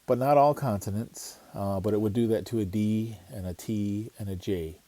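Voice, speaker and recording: A man teaching a language lesson in a relaxed, explanatory way, slowly repeating words to show how they sound. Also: lowish voice, no room sound. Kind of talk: casual screen-share lesson.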